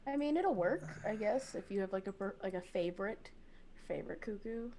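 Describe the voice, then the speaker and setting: A woman playing a nerdy, awkward high-school teen who talks haltingly. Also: animated, mellow, a little hiss or hum, close to an everyday voice. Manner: hesitant, halting, full of fillers.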